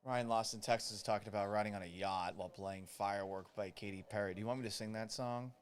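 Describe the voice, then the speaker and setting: A man's voice: lowish voice, fairly even intonation, fast talker, clean tone. A man hosting a live podcast watch party, reading viewer comments and commenting on the game in a casual, joking way, swearing freely. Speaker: podcast host.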